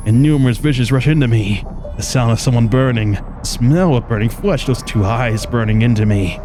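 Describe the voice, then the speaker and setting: A man's voice: mid-range voice, moderate pace, noisy background. A man streaming a video game, reading its story text aloud dramatically and dropping wry asides between passages. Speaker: gaming streamer. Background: game music.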